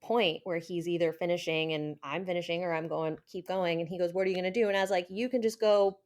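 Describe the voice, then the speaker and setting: A woman's voice: lowish voice, little pitch movement, quick pace. A woman runner who is a guest on a podcast, telling stories in casual chat with frequent ums. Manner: chatty storyteller with frequent ums and laughs.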